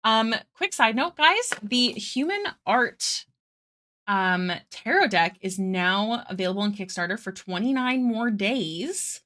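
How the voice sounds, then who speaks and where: A woman's voice: medium pitch, animated, slow pace, fairly bright tone. A young woman chatting casually on an art livestream from her apartment, a little out of breath, greeting viewers by name and laughing often. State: a bit out of breath. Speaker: art streamer. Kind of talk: casual livestream chat while drawing. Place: home apartment.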